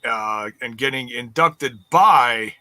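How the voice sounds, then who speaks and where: A man's voice: mid-range voice, slow pace, sharp tone, dry recording. A man co-hosting a casual wrestling podcast, reading out the news in a rambling way with many fillers.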